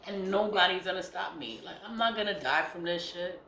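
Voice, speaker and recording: A woman in her forties, a nonprofit founder, talking candidly and rambling in a casual vlog, swearing freely, her voice going hoarse. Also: lowish voice, brisk, fairly bright tone, slight background noise. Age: 40s. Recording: roomy echo, faint ambience.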